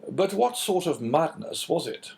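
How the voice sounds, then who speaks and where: Brief: man playing a cool, measured English agent in a storybook reading, lively intonation. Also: fairly high pitch, vocal fry, pitched above the performer's own voice, full character voice. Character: calm, phlegmatic English businessman.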